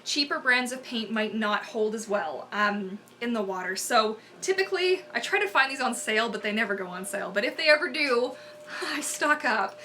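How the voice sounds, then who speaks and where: A woman's voice: on the high side, expressive, normal speed, sharp tone, slight background noise. A young woman who performs as a mermaid, chatting casually and animatedly to viewers on a live stream and laughing often.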